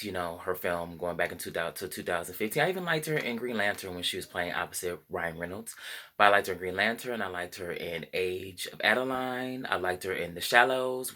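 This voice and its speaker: A man's voice: deep voice, bright, forceful tone. A man giving a casual spoken movie review, rambling with frequent fillers and self-corrections. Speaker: film reviewer.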